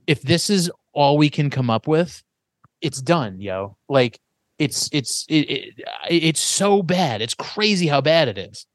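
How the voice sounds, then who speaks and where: A man's voice: a little high, very animated, measured pace, no echo. A man co-hosting a casual podcast, blunt and ranting with plenty of swearing. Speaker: podcast co-host.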